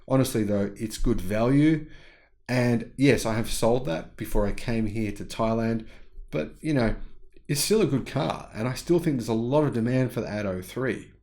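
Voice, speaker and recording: On his own YouTube channel, a man with a dark, mid-range voice speaking at normal speed reacts to news reports. His commentary is casual and opinionated, and he works through his views out loud.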